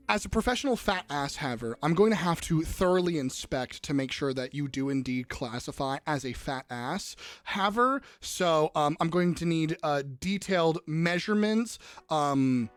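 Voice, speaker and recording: A man's voice: fairly high pitch, fairly bright tone. A young man live-streaming in casual chat, crudely joking and riffing on messages from his viewers.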